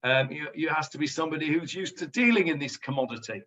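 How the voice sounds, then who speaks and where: A man's voice: a little high, animated, fast talker, sharp tone, recorded from a distance. A man teaching a Talmud class over a video call, chatty and explanatory, on dull lo-fi audio from off the mic. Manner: chatty, explains Hebrew words to students. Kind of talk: online Talmud lesson.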